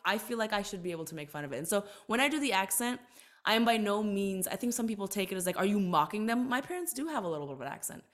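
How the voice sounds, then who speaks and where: Very animated and fairly bright, a woman's medium-pitched voice carries this podcast interview. The guest, an entertainer and author in her thirties, is earnest and reflective, quick to stress what matters to her.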